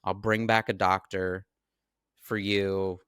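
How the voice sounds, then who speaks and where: A man's voice: deep voice, little pitch movement, fairly bright tone, clean tone, no echo, studio quality. A man doing a frightened, resolute wife. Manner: firm, hurried.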